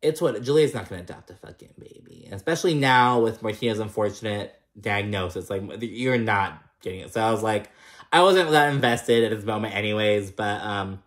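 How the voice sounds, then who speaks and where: A man's voice: fairly quick, fairly bright tone. A young man recapping a reality show in a casual rant, swearing freely and sounding fed up with the cast. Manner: profane, exasperated, mimics cast members in higher voices.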